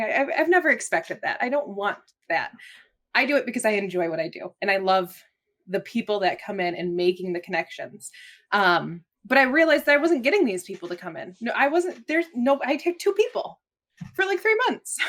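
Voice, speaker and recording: A woman's voice: mid-range voice, fairly bright tone. A woman streamer on a casual podcast panel, speaking reflectively and candidly.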